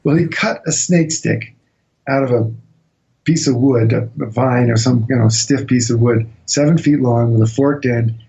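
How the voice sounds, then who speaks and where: A man recounting an expedition as a radio interview guest, telling it as a lively anecdote and acting out what people said. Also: mid-range voice, normal speed, creaky, dull audio. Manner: animated anecdotal storytelling, acts out quotes.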